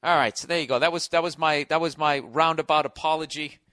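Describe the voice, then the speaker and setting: A man's voice: fairly high pitch, steady tone, fast, sharp tone, no echo, clean studio sound. An American man hosting a podcast in a sarcastic, profane comedic rant, mocking and swearing freely. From United States. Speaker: podcast host. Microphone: studio podcast mic.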